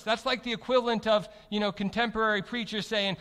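Male preacher, high voice, emphatic sermon delivery, long hall reverb. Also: fast talker, few pauses. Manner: emphatic, rhetorical questions, swings from loud to soft.

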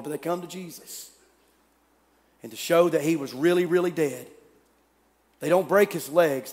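Dramatic high-voiced preacher in a big hall. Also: male voice. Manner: dramatic storytelling, swinging from loud to hushed. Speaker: pastor. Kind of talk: sermon.

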